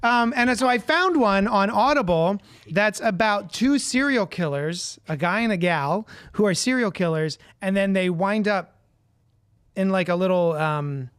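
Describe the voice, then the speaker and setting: A man's voice: high voice, expressive, unhurried, a bit bright, clear, resonant tone, no room sound, clean studio sound. A man co-hosting a podcast, telling stories in a jokey, self-mocking casual chat. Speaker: podcast co-host.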